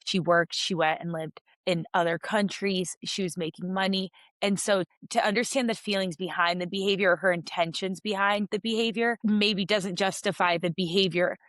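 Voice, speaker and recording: A woman's voice: mid-range voice, steady tone, moderate pace, a bit bright, no room sound. Reflective woman from russia on a podcast, long winding sentences, dry recording. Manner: reflective, heartfelt, speaks in long flowing sentences. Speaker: podcast co-host. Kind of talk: casual podcast chat.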